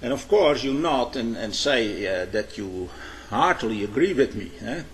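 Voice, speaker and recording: A man preaching a sermon. He tells illustrative stories, pauses on hesitations, and keeps adding a questioning "eh?". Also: mid-range voice, expressive, slight background noise. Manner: frequent "eh?" tag questions, halting restarts. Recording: long hall reverb.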